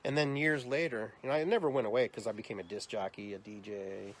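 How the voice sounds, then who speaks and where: A man's voice: lowish voice, steady tone, quick pace, slight background noise. A man in his fifties, a podcast host, telling stories in a casual way and acting out the people in them. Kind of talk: casual storytelling interview.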